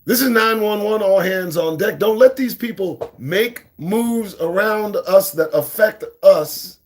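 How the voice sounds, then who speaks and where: A man's voice: high-pitched, a little slow. A man hosting his own talk show, ranting bluntly and profanely at his listeners and urging them to pay attention. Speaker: host.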